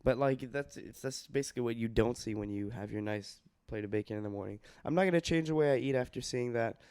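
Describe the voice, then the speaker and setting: Young man telling a story, smooth voice. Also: medium pitch, quick pace, no room sound. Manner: excited storytelling, animated. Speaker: podcast host. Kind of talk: casual chat.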